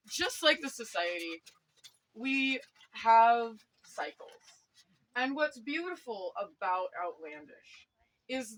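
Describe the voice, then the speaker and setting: A woman giving an excitable speech at an outdoor event, laughing often and breaking into quoted exclamations. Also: mid-range voice, a little hiss or hum, low-quality recording. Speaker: speaker at a medieval society court. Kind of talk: enthusiastic public address.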